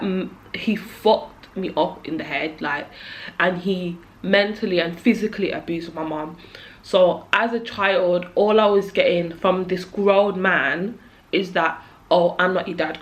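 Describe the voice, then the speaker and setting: A woman's voice: medium pitch, poor audio. A young woman, chatting casually and nervously to camera while doing her makeup, jittery and close to tears, full of likes and restarts. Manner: nervous, jittery, emotional, trailing off with many likes. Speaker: beauty vlogger.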